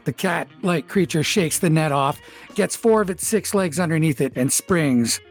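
A man's voice: on the high side, moderate pace, soft background music. A man hosting a tabletop game as dungeon master, narrating scenes vividly and speaking to the players as "you".

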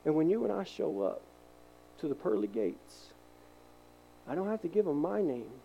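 A man preaching from the pulpit with a warm, mellow tone. His delivery is animated; he acts out voices in his stories and sometimes drops to a soft hush to stress a point. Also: a little high, moderate pace, gravelly, breathy edge, lo-fi sound. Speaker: pastor. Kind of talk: sermon.

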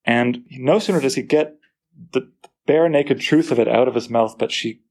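A man lecturing on a poem, lively and full of rhetorical questions to his listeners. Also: mid-range voice, normal speed. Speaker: literature teacher.

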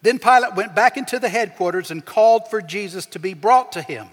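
A man preaching a sermon as pastor, with emphatic swings in pitch and loudness as he acts out the people he quotes. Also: fairly quick. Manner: preaching with emphatic shifts, acting out quoted voices. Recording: long hall reverb.

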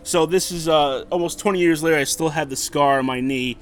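A man's voice: on the high side, brisk, a little hiss or hum. A man in his thirties co-hosting a casual podcast, telling a story with lots of laughter, swearing and acted-out quotes. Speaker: podcast co-host.

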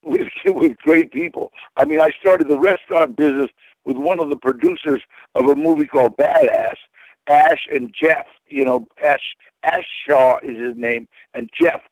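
A man's voice: on the high side, expressive, normal speed, gravelly, darkish tone, no echo, rough recording. A man guest in an interview, telling casual stories in a rambling way, with many repeated words and fillers.

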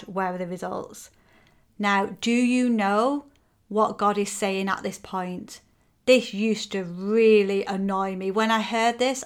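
A woman hosting a motivational podcast, talking frankly and energetically and acting out listeners' complaints. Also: mid-range voice. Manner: frank and energetic, acts out quoted complaints, swears casually. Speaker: podcast host and coach.

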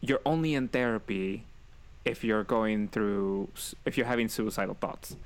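A man with a fairly low voice hosts a relaxed podcast chat. He tells family stories and acts out their lines. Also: normal speed, smooth. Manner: storytelling, animated quoting of family. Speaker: podcast host. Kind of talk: casual chat.

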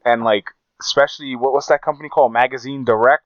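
A man's voice: medium pitch, steady tone, fast talker, clean tone, dry recording, lo-fi sound. A man co-hosting a casual podcast, swearing freely and acting out the quotes in his stories. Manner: profane, storytelling, acts out quotes. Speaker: podcast co-host.

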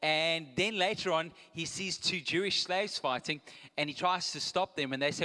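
A man's voice: fairly high pitch, moderate pace, sharp tone. A man preaching a live sermon in a conversational way, with joking asides and restarts. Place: church auditorium. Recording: long hall reverb, live.

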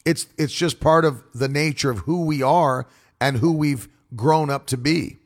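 Male preacher, casual monologue, slightly high gravelly voice, emphatic delivery. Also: a little slow. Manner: forceful, demonstrative, animated. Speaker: preacher and broadcaster.

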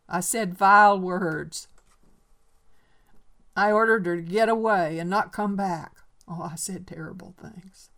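A woman's voice: on the low side, unhurried, a bit bright, voice pushed up. A woman voicing a lonely old man making a desperate, bitter confession, in a raised and emphatic voice. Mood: furious.

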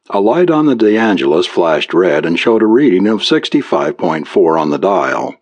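A man narrating an audiobook in a measured, expressive reading. His voice sits very low yet moves in lively swings of pitch. He lets descriptive passages unfold at a steady storytelling pace. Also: creaky, muffled recording.

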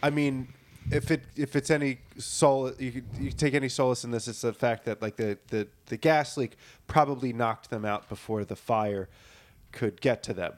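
A man playing a calm male firefighter who quietly and hesitantly delivers bad news. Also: medium pitch, moderate pace, lightly acted. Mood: somber.

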